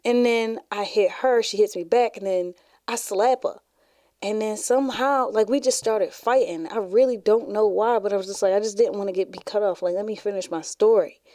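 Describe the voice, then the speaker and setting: A woman's voice: medium pitch, normal speed, warm tone, no echo, clean studio sound. A woman hosting a podcast, telling stories in a chatty, rambling way full of "like" fillers. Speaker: podcast host. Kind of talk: casual storytelling.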